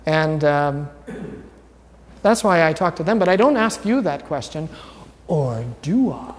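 A man's voice: fairly high pitch, animated, measured pace. Man, pastor, informal sermon, wry, questions the congregation, reverberant sanctuary. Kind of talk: conversational teaching sermon. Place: church sanctuary. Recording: long church reverb.

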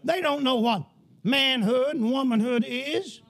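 A male preacher delivering a fiery sermon, often shouting and emphatic. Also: extremely high pitch, unhurried.

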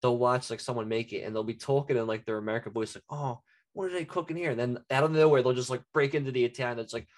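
Animated ranting man, casual co-host. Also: mid-range voice, racing, hardly any pauses. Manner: animated, ranting, swears freely. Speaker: podcast co-host. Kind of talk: casual chat.

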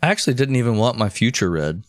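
A man co-hosting a podcast, trading crude deadpan jokes. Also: medium pitch, fast talker, no echo, studio quality. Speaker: podcast co-host. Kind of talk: casual comedic banter.

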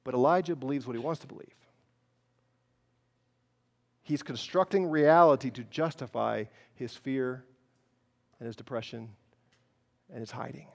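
A male pastor preaching a sermon, telling a story dramatically, swinging from loud to hushed. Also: mid-range voice, measured pace, gravelly, pauses often.

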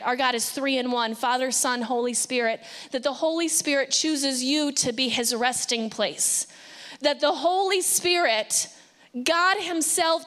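A woman pastor preaching a sermon with passion, sometimes acting out anxious pleas and dropping to a hushed voice. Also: high voice, big-room sound.

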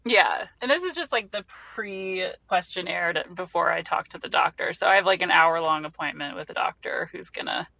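A woman's voice: on the low side, normal speed, creaky, few pauses, bright, forceful tone, no room sound, lo-fi sound. A young woman co-hosting a casual chat, chatty and self-deprecating, laughing often. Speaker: podcast co-host.

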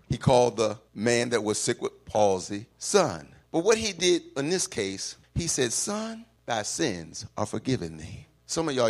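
A man preaching a call-and-response sermon, climbing into shouts at the peaks and then dropping low and quiet, in a church sanctuary. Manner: whoops and shouts at climaxes, then drops low.

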